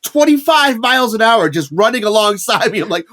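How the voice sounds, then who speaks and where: A man in his thirties co-hosting a podcast, telling a long story in a profane, animated way. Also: sits high, brisk. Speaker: podcast co-host. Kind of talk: casual storytelling chat.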